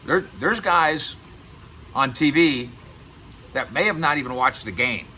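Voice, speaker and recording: A man's voice: a little high, expressive, a little slow, bright, forceful tone, slight background noise, rough recording. A middle-aged man giving casual sports commentary to camera as host, emphatic and repeating words for stress. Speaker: sports radio and video host.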